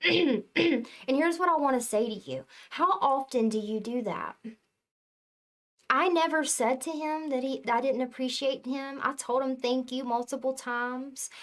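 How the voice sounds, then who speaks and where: A woman giving a casual spiritual talk to her viewers, with a somewhat high voice. She speaks slowly and earnestly, leans on her words for emphasis and swears freely. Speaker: spiritual reader.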